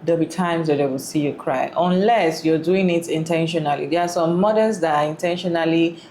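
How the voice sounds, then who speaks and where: A woman's voice: low-pitched, a little fast, a little mellow, a little hiss or hum. A woman who makes reaction videos, giving casual commentary in an earnest, repetitive way.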